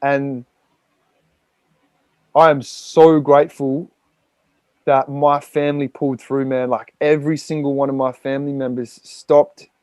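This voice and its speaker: A man's voice: mid-range voice, flat delivery, measured pace, pauses often, a little mellow, no echo. An Australian man, a podcast guest, telling a raw personal story with frequent swearing and rambling fillers.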